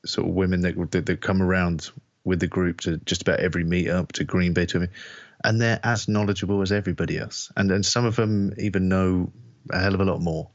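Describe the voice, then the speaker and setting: A deep-voiced man co-hosting a podcast, giving measured, earnest commentary. The recording is dry and slightly dull, with no room echo. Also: steady tone. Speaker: podcast co-host. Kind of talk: casual chat.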